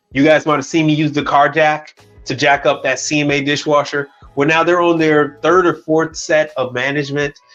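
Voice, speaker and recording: A man from Chicago rants bluntly on his live stream, swearing freely and snapping back at comments from his chat. His voice sits a little high. The stream audio is dull and lo-fi, with faint music underneath. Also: fairly bright tone. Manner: blunt, profane, ranting. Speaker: commercial kitchen equipment technician and live streamer.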